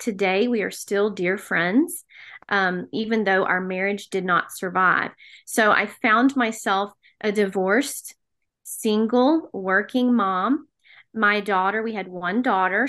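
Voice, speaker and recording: A middle-aged woman from the American South, speaking in a medium-pitched, fairly bright voice, appears as a podcast guest. She tells her personal story earnestly and emotionally, giving testimony in an interview.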